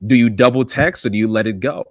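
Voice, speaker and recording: A man's voice: mid-range voice, quick pace, no room sound, clean studio sound. A man in a casual chat, earnestly telling a relatable story in the second person, with frequent restarts.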